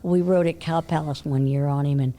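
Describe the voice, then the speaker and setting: An older woman telling horse-show stories in a casual interview, animated, laughing often and dropping to a hush when she quotes herself. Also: low voice, brisk. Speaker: interview guest, horse trainer.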